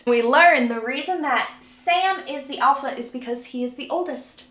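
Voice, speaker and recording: A woman's voice: on the high side, lively intonation, fairly bright tone, roomy sound. Chatty young woman retelling a story. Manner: chatty, acts out quotes in quick voices. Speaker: book recap creator. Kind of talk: casual book plot retelling.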